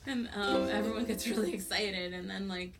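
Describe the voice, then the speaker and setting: A woman's voice: medium pitch, fairly even intonation, moderate pace, music in the background. A young woman, a singer-songwriter, rambling and giggling between songs with lots of "like" fillers at a live show. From US Pacific Northwest. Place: live music venue. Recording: distant live recording with loud ukulele.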